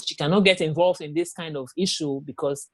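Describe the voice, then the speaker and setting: A woman guest and author telling her own story in an interview, animated, often acting out what others said. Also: sits low, a little fast, no room sound, studio quality. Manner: animated, acts out quoted speech.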